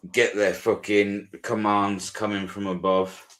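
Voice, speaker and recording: A British man telling a story in casual live chat, animated and swearing a lot as he recounts it. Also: on the low side, measured pace. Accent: British English. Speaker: auditor streamer. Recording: roomy echo.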